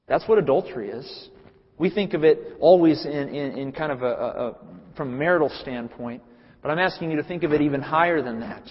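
A man's voice: fairly high pitch, brisk. A man preaching a sermon, earnest and emphatic, who repeats phrases for weight. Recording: reverberant hall, muffled sound.

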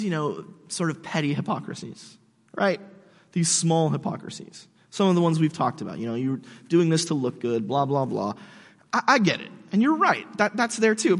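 Casual male preacher with a high voice, slangy and animated, speaking in a hall with long reverb. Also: fairly quick. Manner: slangy and animated, says "dude", restarts words. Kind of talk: casual sermon addressed to skeptics.

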